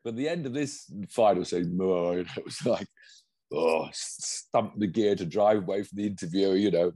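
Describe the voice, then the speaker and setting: Low, mellow man rambling enthusiastically. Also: expressive, moderate pace, no room sound. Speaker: podcast co-host and pundit. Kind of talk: casual chat.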